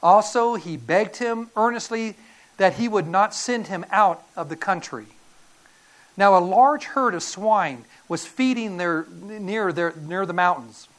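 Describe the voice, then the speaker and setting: A woman preacher delivers a sermon with animated, dramatic storytelling. Her voice sits at a middle pitch. She swings between emphatic and hushed delivery as she acts out the voices. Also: unhurried.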